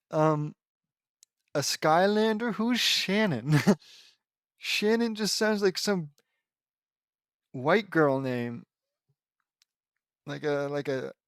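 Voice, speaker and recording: A slightly high-voiced man, recorded with no room sound, gives a casual reading of a fan fiction. He reads the quoted battle cries and then breaks away for joking asides and laughs, adding commentary throughout.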